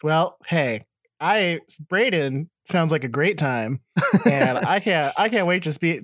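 A game master runs a tabletop session, keeping things upbeat with quick prompting questions. The voice sits in a middle range and the recording is dry and close. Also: mid-range voice, lively intonation, dry recording. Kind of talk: casual chat hosting a game session.

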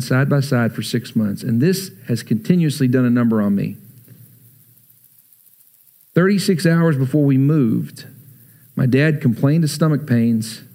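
A man in his thirties preaching a sermon, talking to the congregation like a friend, shifting between loud urging and quiet, heavy stretches. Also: medium pitch, gravelly. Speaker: pastor.

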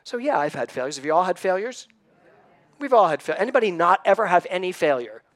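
A man's voice: high-pitched, sing-song, fast talker. A man in his sixties giving a conversational sermon, earnest and personal, telling stories and asking his listeners questions. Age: 60s. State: slightly emotional. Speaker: church speaker.

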